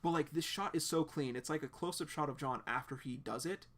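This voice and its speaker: A man hosting a casual live reaction to a webcomic, excitable and rambling, full of filler words as he describes the panels. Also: a little high, fairly quick.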